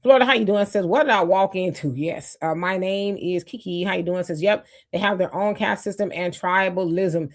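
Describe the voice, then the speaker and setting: A woman's voice: on the low side, normal speed, hardly any pauses. A woman co-hosting a live stream in casual talk, reading viewer comments aloud and greeting people by name. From United States. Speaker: livestream co-host.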